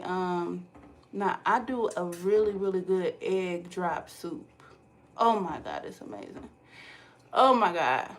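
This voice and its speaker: A woman's voice: medium pitch, poor audio. A woman hosting a casual live cooking stream from her home kitchen, chatting with viewers and reading their comments aloud. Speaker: cooking livestream host.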